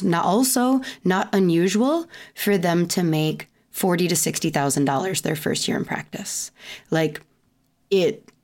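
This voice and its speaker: A woman with a Midwestern accent hosts her own podcast in her thirties. Her voice sits a little low, and she talks in a loose, chatty way, full of asides and fillers. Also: a little mellow. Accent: Midwestern American. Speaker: podcast host and chiropractor. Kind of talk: casual solo podcast intro.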